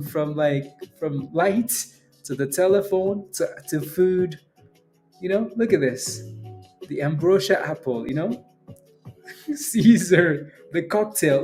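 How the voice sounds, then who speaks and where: A man's voice: high voice, a little mellow. A man hosting a casual stock trading livestream, joking around with his viewers and laughing often.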